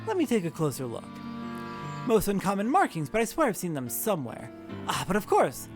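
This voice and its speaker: A man's voice: sits high, huge pitch swings, fairly quick, over music, voice pushed up. A man voicing a confident, formal male engineer who talks in wordy, old-fashioned phrases. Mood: brisk. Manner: formal, wordy, slightly pompous.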